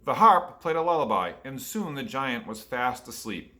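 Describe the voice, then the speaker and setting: A man's voice: mid-range voice, sing-song, normal speed, pushed and bright. A man reading a picture book aloud to children and asking them questions along the way. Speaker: storyteller for children.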